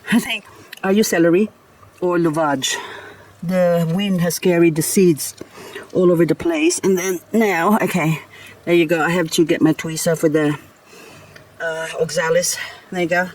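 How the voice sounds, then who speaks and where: A woman's voice: lowish voice, fairly even intonation, a little slow, pauses often, a little mellow, rough recording. Chatty woman cooing at her plants. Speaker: gardening vlogger. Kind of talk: casual chat while working.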